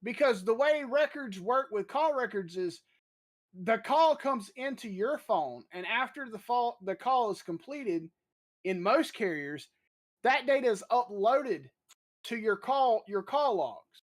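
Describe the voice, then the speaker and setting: A podcast host spinning an anecdote with plenty of swearing and lively explanation. The delivery is loose, chatty and confident, the way someone talks when recounting something that happened to them. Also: medium pitch, a little slow. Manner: profane, animated anecdote-telling. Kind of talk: casual storytelling chat.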